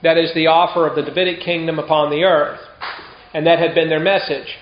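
A man delivers a sermon in an easy, conversational manner, sprinkling in rhetorical questions. His voice sits a little high. The recording is echoey and somewhat lo-fi. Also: level tone, brisk, slight background noise. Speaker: pastor. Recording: roomy, dull lo-fi sound.

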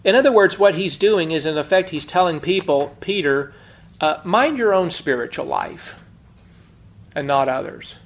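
A man's voice: a little high, expressive, moderate pace. Man teaching scripture, lo-fi recording. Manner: conversational, explains and asks the class. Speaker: Bible teacher. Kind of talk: verse-by-verse Bible teaching. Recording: dull lo-fi recording.

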